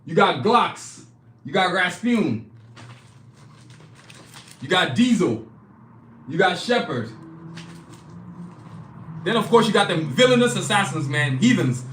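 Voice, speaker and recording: Man, high bright voice, hyped live-stream sales pitch, repeats himself, echoey room. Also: big pitch swings, slow pace, pauses often. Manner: hyped, repeats phrases, talks straight to viewers. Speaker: artist hosting a live stream. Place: indoor studio, clothing hanging behind him.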